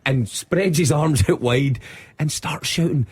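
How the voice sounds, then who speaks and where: A man's voice: a little high, a little slow, husky. A Scottish man, a football pundit, telling a funny story on a radio show and laughing as he goes. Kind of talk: animated anecdote on sports radio. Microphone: studio microphone.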